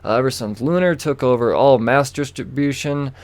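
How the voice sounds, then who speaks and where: A man's voice: mid-range voice, normal speed, a little mellow. Man, podcast host, casual rambling chat, repeats phrases, fillers, talks to himself. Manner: rambling, chatty, self-interrupting with fillers and repeats. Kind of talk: casual solo comic book chat.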